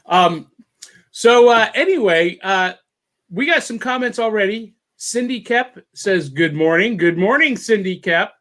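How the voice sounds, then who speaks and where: A man hosts a casual morning podcast over a video call. His voice is high for a man, and he sounds upbeat and excitable. He often says the same phrase twice as he talks. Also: a little slow. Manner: upbeat and excitable, repeats himself. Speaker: podcast host. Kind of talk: casual chat.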